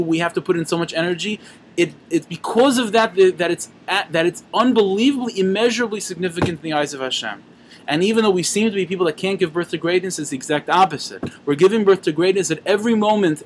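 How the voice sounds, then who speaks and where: A man teaches a Torah lesson by telling an animated story, dropping in Yiddish and Hebrew terms and often restarting his sentences. His voice sits high, and there is a lot of background noise.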